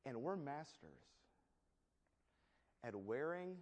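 A man's voice: medium pitch, takes it slowly. Man preaching with comic storytelling. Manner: humorous storytelling, lively acted asides. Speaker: pastor. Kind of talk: sermon.

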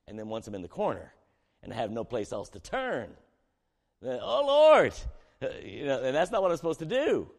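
A man preaches to a room, his voice set at an ordinary middle pitch. He moves between quiet, reflective scripture reading and sudden loud emphasis as he quizzes his listeners. The hall lets his words ring out with a long reverb. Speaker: pastor.

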